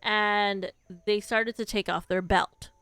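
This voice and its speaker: Giggly young woman streamer, smooth voice. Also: mid-range voice, steady tone, slow, fairly bright tone, no room sound. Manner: chatty storyteller, giggles often. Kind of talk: casual chat with live chat. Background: faint background music.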